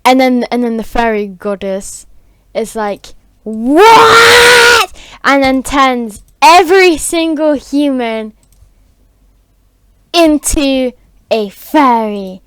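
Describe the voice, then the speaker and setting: Slow rambling woman making up a story. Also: high voice, smooth. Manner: rambling, filler-heavy, giggly.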